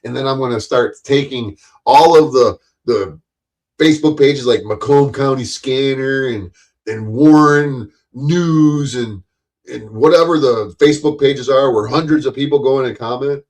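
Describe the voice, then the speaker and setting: A man's voice: medium pitch, measured pace, a little mellow. A man, hosting his own live stream and ranting at his audience in a profane, combative, mocking way. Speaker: livestream host.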